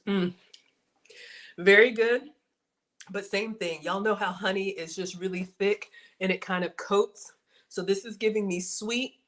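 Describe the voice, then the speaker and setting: A woman in her forties hosting a casual livestream, chatting to her viewers in a folksy way and calling them y'all. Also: medium pitch. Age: 40s. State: out of breath. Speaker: livestream host.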